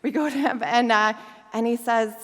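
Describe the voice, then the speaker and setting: Animated woman telling a story in a hall. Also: a little high, normal speed. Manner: animated, laughing storyteller acting out dialogue. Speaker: guest speaker. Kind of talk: storytelling talk. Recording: long hall reverb.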